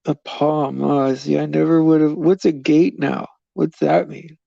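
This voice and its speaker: A man's voice: fairly high pitch, steady tone, unhurried, gravelly, dark tone, no room sound, lo-fi sound. A man hosting a live stream, chatting loosely with viewers in a rambling way and chuckling often. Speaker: livestream host.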